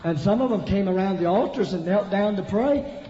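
A man's voice: sits high, brisk, warm tone. A man preaching, telling a humorous story in a folksy way, often repeating himself and talking straight to his listeners. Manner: folksy, repetitive, addresses audience directly. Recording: echoey hall, dull lo-fi sound, faint noise.

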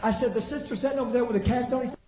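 A man preaching a Pentecostal revival sermon, swinging from hushed storytelling to shouted preaching. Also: very high voice, racing. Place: large church sanctuary. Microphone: pulpit microphone. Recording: echoey, dull church recording.

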